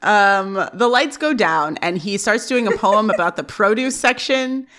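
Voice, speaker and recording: A woman's voice: mid-range voice, animated, a bit bright. A woman co-hosting a podcast, chatty and giggly as she recaps scenes. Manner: chatty and giggly, quick to laugh. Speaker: podcast co-host.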